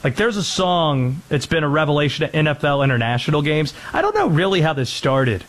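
A man hosting a casual sports talk show, rambling and animated as he talks. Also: fairly high pitch, brisk. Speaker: host.

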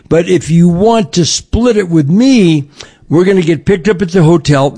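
Chatty male radio host, a bit higher voice. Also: a little mellow. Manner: chatty, rambling, stops to cough and clear his throat. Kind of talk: casual radio talk.

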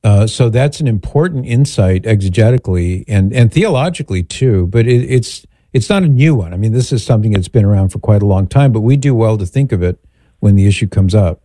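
A man hosting a call-in radio show, talking with a caller in a relaxed, conversational way. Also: lowish voice, a little fast, no room sound, clean studio sound. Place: radio studio.

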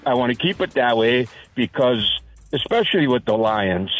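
A man calling in to a sports radio show, speaking haltingly with restarts. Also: mid-range voice, very animated, faint music behind, low-quality recording. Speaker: radio caller.

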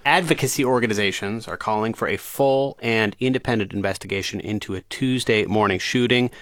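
A man hosting a radio news program, asking calm, conversational questions. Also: on the low side, brisk, dry recording, studio quality. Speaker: news host.

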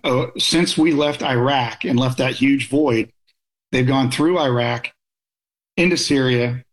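A middle-aged man in a conversational interview, speaking at a moderate pitch. He is blunt and opinionated, and he tells stories from his military service in a plain, direct way. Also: poor audio. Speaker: guest, military officer.

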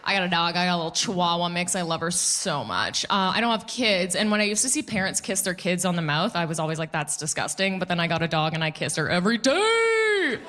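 A woman's voice: on the low side, very animated, quick pace, few pauses, a bit bright. A woman in her thirties doing a stand-up comedy set, sarcastic, punchy and self-mocking.

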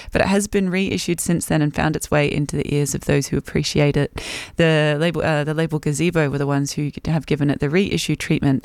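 Brief: man, breakfast radio host, slightly higher voice with a gravelly edge, laid-back and chatty, dry studio sound. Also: no echo. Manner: easygoing, chatty with frequent "uh" fillers. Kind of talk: relaxed music radio presenting. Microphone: studio microphone.

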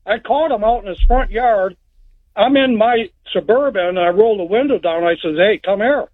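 Male phone-in caller, high voice, rambling folksy telling, tinny phone line. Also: moderate pace. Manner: rambling, informal grammar, plain-spoken. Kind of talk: phone-in storytelling. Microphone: telephone.

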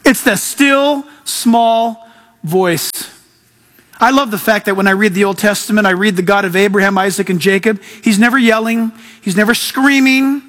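A man, a pastor, preaching an animated sermon and sometimes acting out voices. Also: high voice, normal speed.

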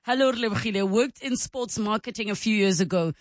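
A woman's voice: medium pitch, fast, no room sound, studio quality. A woman hosting a radio talk show, chatty and curious as she reads listener messages. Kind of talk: casual chat reading voice notes.

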